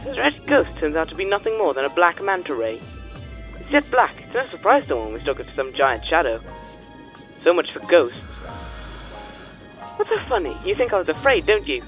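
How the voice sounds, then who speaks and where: A man's voice: a little high, sing-song, normal speed, pauses often, fairly bright tone, dull audio, faint music behind. A man voicing a boastful young woman diver in a video game, teasing and defensive, insisting she is not scared. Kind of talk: reading game dialogue aloud in character.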